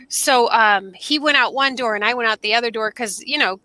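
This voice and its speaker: A woman co-hosting a casual podcast chat, telling a story in a lively way and acting out the voices she quotes, talking on a video call from outdoors. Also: a little high, fairly quick, hardly any pauses, dry recording. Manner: animated, acts out quoted voices. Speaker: podcast co-host. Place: outdoors under an umbrella.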